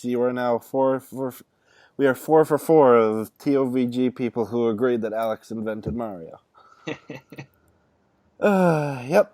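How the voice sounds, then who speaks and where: A man hosting a podcast, asking interview questions in a slow, dry, deliberate way. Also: medium pitch, a little mellow, no echo. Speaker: podcast host.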